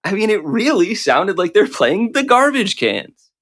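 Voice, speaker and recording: Lively, jokey male podcast host. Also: sits high, measured pace. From United States. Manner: jokey, slips into mock-formal phrasing. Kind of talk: casual comedic chat.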